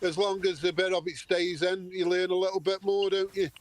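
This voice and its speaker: A man's voice: high voice, little pitch movement, a little fast, no room sound. A man, a guest on a voice-call stream, cheerfully chatting as he signs off. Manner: cheerful, signing off. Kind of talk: casual chat.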